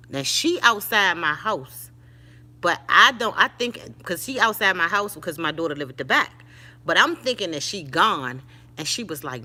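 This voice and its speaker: Animated older woman telling a story live. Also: fairly low pitch, a little slow. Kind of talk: casual live-stream storytelling.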